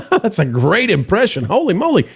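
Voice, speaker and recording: A man hosting a casual live stream, blunt and excitable, plugging upcoming events. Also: high voice, moderate pace, vocal fry, husky. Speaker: host.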